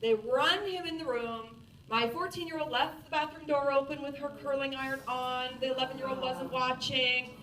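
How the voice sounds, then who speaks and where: A woman in her forties telling a self-mocking story to an audience in a lively, animated way. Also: sits high, moderate pace. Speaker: speaker. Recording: roomy, distant from the mic.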